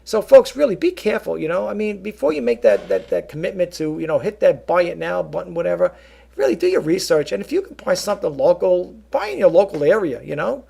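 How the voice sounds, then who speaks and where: A man's voice: sits high, big pitch swings, quick pace, vocal fry, warm tone, slightly rough. A middle-aged man rambling casually to his viewers, full of fillers and asides, calling them folks. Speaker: vlogger and eBay reseller. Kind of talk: casual rambling talk to camera.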